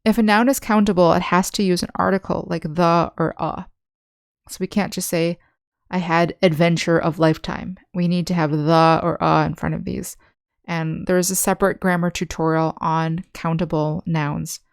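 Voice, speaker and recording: Patient, gravelly-voiced woman teaching English. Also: fairly low pitch, fairly even intonation, no echo, studio quality. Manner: patient, explains slowly with examples. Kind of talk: online language lesson.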